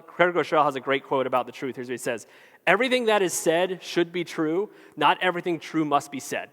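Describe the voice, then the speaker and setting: A pastor with a high, fairly bright voice gives a casual, joking sermon, talking conversationally and acting out the voices he quotes. It's recorded in a church hall with long, heavy reverb.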